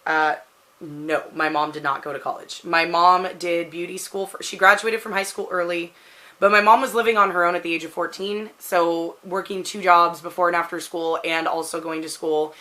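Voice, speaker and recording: A woman's voice: on the low side, fairly even intonation, normal speed, sharp tone. A woman in her thirties with a Pacific Northwest American accent, rambling casually through a question tag with lots of "like" fillers. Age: 30s. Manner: rambling, chatty, frequent "like" fillers. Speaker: vlogger answering a question tag. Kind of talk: casual chat.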